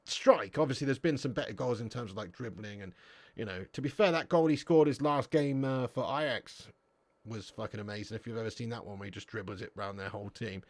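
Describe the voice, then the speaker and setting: A man's voice: medium pitch, brisk, dry recording. Slangy, swearing English man on a live stream. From England. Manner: banter-heavy, swears freely, laughs often, slangy. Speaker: football livestream host reading chat. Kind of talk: casual live-stream chat.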